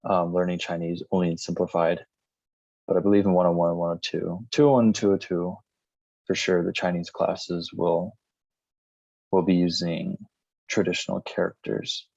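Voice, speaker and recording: A man teaching a recorded language lesson, reading word lists one item at a time in a plain, steady way. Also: low voice, moderate pace, gravelly, dry recording. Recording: slightly dull lo-fi recording.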